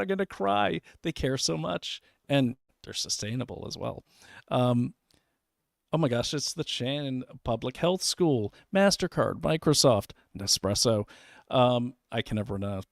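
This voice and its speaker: Male host, mid-pitched, reads documents aloud with sarcastic asides, dry close recording. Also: darkish tone, no echo. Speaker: investigative show host. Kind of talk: online commentary while screen-sharing.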